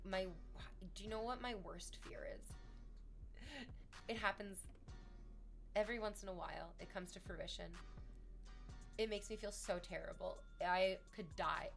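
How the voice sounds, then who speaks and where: A young adult woman, chatting casually on a stream, rambling and self-deprecating with loud outbursts. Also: fairly low pitch.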